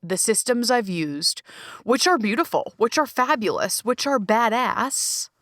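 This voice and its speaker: A woman's voice: on the high side, a little slow, dry recording, studio quality. A woman hosting her own podcast and coaching, talking alone in a candid, emphatic way with plenty of swearing, recorded in a small closet. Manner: candid, profane, emphatic and expressive. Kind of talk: solo podcast monologue.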